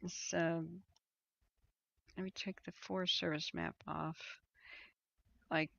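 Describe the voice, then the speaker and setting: A woman's voice: on the low side, level tone, slow pace, creaky, fairly bright tone. A woman on a casual live stream, thinking aloud and hesitant, with many ums and restarts. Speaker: wildfire tracking livestreamer. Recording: dull lo-fi stream audio.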